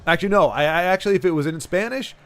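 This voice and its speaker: A man's voice: high-pitched, very fast. A man hosting a game stream in casual, rambling chat with many restarts and repeats. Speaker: streamer host.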